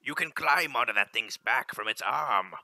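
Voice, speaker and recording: A man voicing a folksy male ship captain with a loud, rustic drawl, reading game dialogue in character. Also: mid-range voice, lively intonation, normal speed, creaky, no room sound, full character voice. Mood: urgent.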